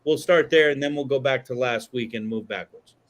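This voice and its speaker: A man's voice: medium pitch, fairly quick. A man hosting a podcast in casual chat, rambling and swearing freely, with lots of fillers and restarts. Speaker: podcast host.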